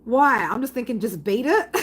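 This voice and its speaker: A woman's voice: medium pitch, rough recording. A woman hosting a live tarot reading stream, chatting casually with viewers, swearing constantly and often asking "right?". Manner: breaks into loud laughter reading chat comments.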